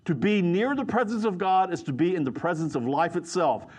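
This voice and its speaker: A man's voice: high voice, brisk, darkish tone. A middle-aged man preaching a sermon, teaching earnestly and emphatically and turning to the congregation with asides.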